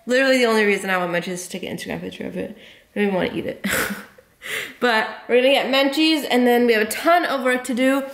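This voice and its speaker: High-voiced chatty young woman vlogging. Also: gravelly. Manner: chatty storyteller, drawn-out words, laughs mid-sentence. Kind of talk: casual vlog chat. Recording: echoey room.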